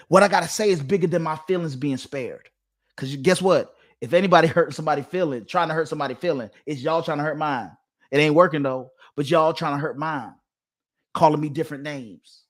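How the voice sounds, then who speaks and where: A man giving a preachy direct-to-camera monologue, emphatic and repetitive, with a sermon-like cadence. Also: a little high. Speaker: online commentator.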